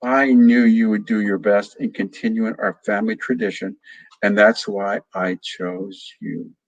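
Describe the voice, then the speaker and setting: Gentle slow storybook grandma, put on by a man, lower-pitched. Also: expressive, creaky, poor audio. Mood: tender. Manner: slow, tender. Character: warm elderly grandmother, proud and gentle.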